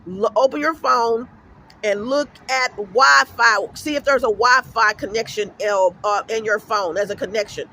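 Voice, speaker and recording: Man, high-pitched, bright, middle-aged, emphatic, cursing, rambling vlog rant, outdoors. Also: measured pace. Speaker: vlogger. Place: outdoors at an apartment complex.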